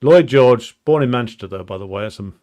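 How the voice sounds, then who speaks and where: A man's voice: medium pitch, animated, a little fast, a little mellow. A man giving an unscripted, explanatory talk on political history, thinking aloud with frequent ums and restarts and a blunt, emphatic edge. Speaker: political commentator.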